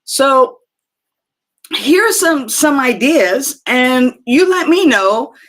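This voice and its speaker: A woman hosting a live spiritual talk show, speaking gently and reflectively with many fillers and restarts as she answers chat comments. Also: high voice, lively intonation, slow.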